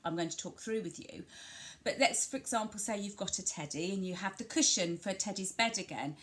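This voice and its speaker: A woman from England who gives a home video lesson to parents on early language play. She talks gently and reassuringly and slows down to stress the key words as she models them. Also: mid-range voice. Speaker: family centre early language practitioner.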